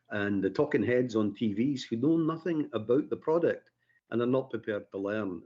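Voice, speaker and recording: A man's voice: on the low side, a little mellow, slightly rough, highs cut off. A man from Scotland with a Scottish accent, a guest on a radio interview, telling stories with plenty of fillers and dry jokes. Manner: chatty, self-deprecating storyteller with many fillers.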